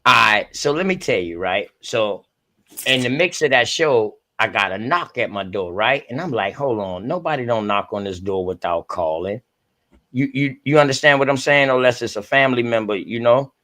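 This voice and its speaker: A man's voice: medium pitch, animated, normal speed, bright, forceful tone. A man hosting an online group call, telling a story in casual, profane street talk and acting out the voices of the people in it.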